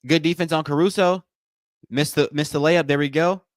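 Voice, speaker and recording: A man's voice: fairly high pitch, fairly even intonation, moderate pace, no room sound, studio quality. A man hosting a live watch party stream, giving loose play-by-play commentary and talking straight to his viewers. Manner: casual, repetitive, addresses viewers as y'all.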